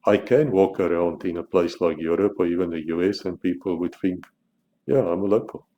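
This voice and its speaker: A man's voice: deep voice, a little fast, dark tone, highs cut off, a little hiss or hum. A South African man talking bluntly as a channel host, restarting and repeating words as he argues his point. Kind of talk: opinionated monologue to camera.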